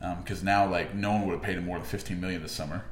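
A man's voice: deep voice, steady tone, fast, slight background noise. Chatty young man, echoey room. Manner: chatty, opinionated, laughs often. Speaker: podcast host. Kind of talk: casual sports chat. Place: room, walking around.

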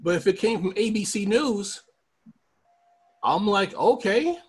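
A man hosting a podcast, giving profane, ranting political commentary in a casual, animated way. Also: high voice, a little slow, husky. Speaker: podcast host.

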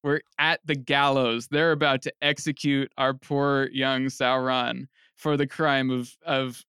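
A young man co-hosting a comedy podcast, pitching a movie plot in animated storytelling. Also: unhurried, clean tone, no room sound, studio quality. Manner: animated storytelling, acts out quotes. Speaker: podcast co-host.

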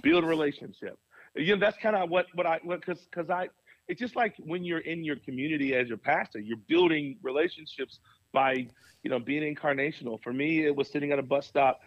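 A young adult man, a pastor, telling a personal story in a podcast interview with a lively, animated delivery and frequent laughs. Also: fairly quick, no room sound, highs cut off. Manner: animated storyteller, swings pitch high for quoted voices, laughs often.

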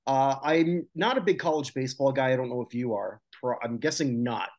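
A man co-hosting a casual podcast chat, reading out lists of names with quick asides. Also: mid-range voice, darkish tone. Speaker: podcast co-host.

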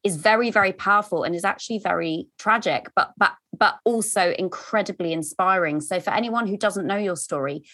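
A woman hosting an interview podcast, gushing enthusiastically over her guest and stumbling in her excitement. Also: medium pitch, a little fast, few pauses. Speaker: podcast host. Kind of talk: conversational interview.

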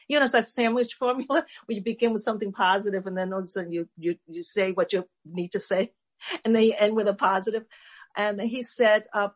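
A woman's voice: medium pitch, a little fast. A woman in a group discussion telling a personal story casually and chattily, with fillers. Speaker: discussion participant.

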